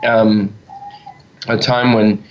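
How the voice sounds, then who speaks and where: A man with a fairly low voice leads a casual chat as a youth leader. He tells earnest stories in a halting way and often stops to search for words. The recording sounds dull and lo-fi. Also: flat delivery, slight background noise.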